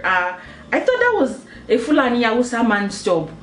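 A young Nigerian woman with a Nigerian accent and a higher-leaning voice jokes and teases through a comic vlog monologue at normal speed, laughing often and tossing out rhetorical questions in an animated way. She's recorded from a distance in an echoey room with slight background noise.

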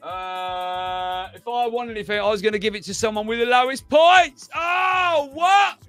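A man's voice: sits high, normal speed, clear, resonant tone, dry recording, shouting, soft background music. Rambling man chatting with viewers. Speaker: livestream host. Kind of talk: casual livestream chat.

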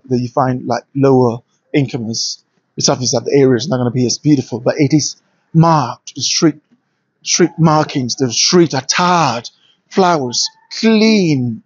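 His voice sits a little high with a breathy edge, and there's no room sound. This travel vlogger, speaking with a British-influenced Nigerian accent, gives an opinionated, enthusiastic walk-and-talk through city streets, recorded on a handheld smartphone with lo-fi audio.

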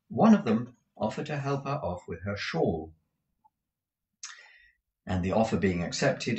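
A man with a fairly low voice reads a classic novel aloud. He often trips over words and goes back to correct himself as he goes. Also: poor audio. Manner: frequent restarts and self-corrections. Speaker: audiobook reader.

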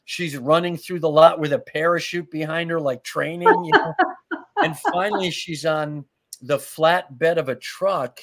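A man guesting on a talk show, telling comic stories in a lively way, laughing as he goes and acting out lines. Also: on the high side, normal speed, crowd noise. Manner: laughs through his stories, acts out lines. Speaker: guest, comedy writer. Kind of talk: animated anecdotal storytelling.

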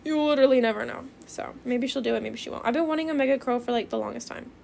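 Excitable teen girl creator, high voice with fry, chatty gameplay commentary. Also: fast, a little hiss or hum. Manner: calls viewers bestie. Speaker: gaming video creator.

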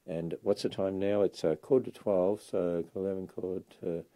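A man's voice: deep voice, fairly even intonation, normal speed, warm tone. A man in his sixties with an Australian accent, chatting casually and enthusiastically on a livestream from inside a bookstore. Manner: enthusiastic, chatty, lots of uh fillers. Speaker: ministry leader giving a livestream tour. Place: bookstore indoors.

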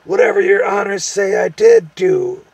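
A cowering little gnome squeals and whimpers in a thin, sharply raised voice. The voice sounds nothing like an everyday speaker, pinched and frantic, like a storybook creature begging for mercy. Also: male voice, huge pitch swings, moderate pace, gravelly, darkish tone, no echo, distant mic, heavily acted. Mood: panicked. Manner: squealing, whimpering, high-pitched.

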